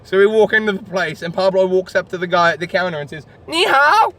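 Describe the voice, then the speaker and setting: A tipsy vlogger with a fast, high-sitting voice rambles and jokes crudely with a friend while filming in a car. They're in city traffic, and loud street noise fills the recording during this casual banter.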